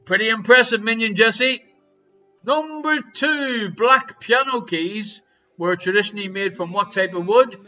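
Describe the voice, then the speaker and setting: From a home streaming setup, a man with a high, bright voice hosts a live online pub quiz, reading questions with jokey, showy patter and suddenly shouting each number loudly. He speaks a little slowly over faint background music, and the audio sounds dull.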